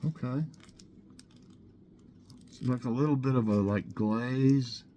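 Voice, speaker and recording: A man's voice: mid-range voice, takes it slowly, slight background noise. A man hosting a casual snack review show, chatting easily and eating as he talks. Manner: relaxed, chatty, eats while talking.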